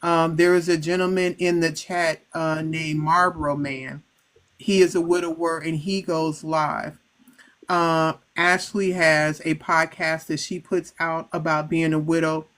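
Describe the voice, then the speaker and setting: A woman hosting a live chat, gently reading out viewers' comments and welcoming them. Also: low voice, level tone, measured pace. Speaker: live-stream host.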